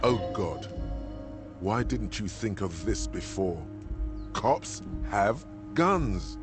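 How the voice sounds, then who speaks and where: A man's voice: on the low side, sing-song, drawn-out words, music in the background, exaggerated voice. A man voicing the grave inner voice of a detective's mind, solemn and blunt. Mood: scolding.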